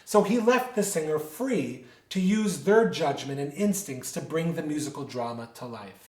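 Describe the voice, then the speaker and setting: Guy teaching a music lesson, kinda high voice, explains stuff step by step, roomy echo. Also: animated, normal speed, darkish tone. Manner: explanatory, poses rhetorical questions and answers them. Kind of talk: instructional lecture.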